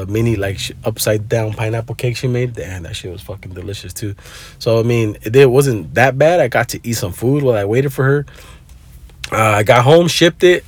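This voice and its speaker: This vlogger has a mid-range voice and a relaxed, foul-mouthed way of talking, mixing Spanish words into a rambling story. He records on his phone, and the audio is dry.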